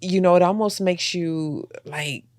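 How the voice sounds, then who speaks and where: A woman's voice: on the low side, unhurried, darkish tone, no echo, clean studio sound. A woman co-hosting a podcast, chatting casually and reacting with sympathy. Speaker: podcast co-host. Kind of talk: casual chat.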